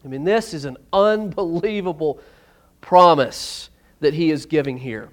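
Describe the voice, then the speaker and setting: Male pastor, high voice, emphatic sermon delivery in a church. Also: a little slow. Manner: emphatic, surges loud on key words. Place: church sanctuary.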